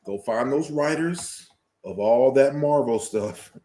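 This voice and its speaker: A man co-hosting a podcast in casual chat, giving opinionated, animated rants. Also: mid-range voice, takes it slowly, roomy sound. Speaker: podcast co-host.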